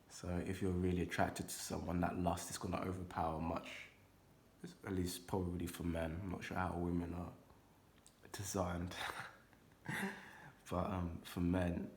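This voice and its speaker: Low, flat-voiced young man rambling. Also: a little hiss or hum. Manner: rambling, conversational, swears casually. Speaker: intuitive card reader. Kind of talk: casual spoken reading to viewers.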